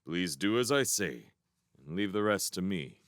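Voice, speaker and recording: A man's voice: deep voice, lively intonation, a little slow, no echo. Guy doing a friendly dopey hedgehog, easygoing, storybook read, dry close sound. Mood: hushed. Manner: friendly, disarming, slightly simple. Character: foolish gentle male hedgehog.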